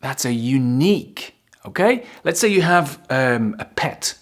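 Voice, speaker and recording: A man teaching English vocabulary, repeating and stretching key words for emphasis in a playful, expressive way. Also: medium pitch, measured pace. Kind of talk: vocabulary lesson.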